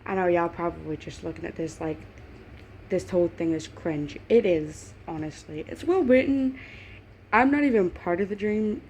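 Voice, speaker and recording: Eine Frau liest zu Hause Fan-Fiction vor, plaudernd, stolpert über Wörter, mit leichtem Rauschen im Hintergrund. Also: female voice, lowish voice, moderate pace, a little mellow, slight background noise. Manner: chatty, laughing asides, stumbles over words. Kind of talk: casual reading aloud with asides.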